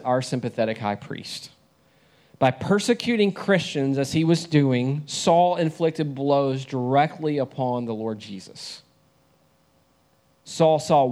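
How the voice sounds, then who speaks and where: A man's voice: on the high side, a little mellow. A young man preaching a sermon in a conversational way, often asking the listeners questions.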